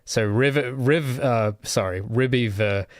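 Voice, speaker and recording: A man's voice: mid-range voice, takes it slowly, dry recording, clean studio sound. A young adult man hosting a casual livestream Q&A, rambling and thinking aloud with many restarts. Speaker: solo game developer streamer.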